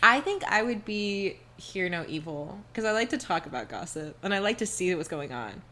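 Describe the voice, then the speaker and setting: A woman's voice: on the low side, big pitch swings, moderate pace, bright, forceful tone, a little hiss or hum. A young woman in her twenties co-hosting a podcast, rambling in casual chat with lots of fillers. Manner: rambling, filler-heavy, laughing easily. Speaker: podcast co-host.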